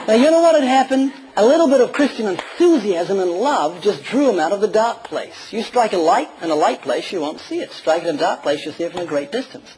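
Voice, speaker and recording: A man preaching a sermon, animated and enthusiastic, with sudden rises and drops in loudness as he tells stories. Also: high-pitched, slight background noise, rough recording. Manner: enthusiastic, animated storytelling with sudden swings in volume.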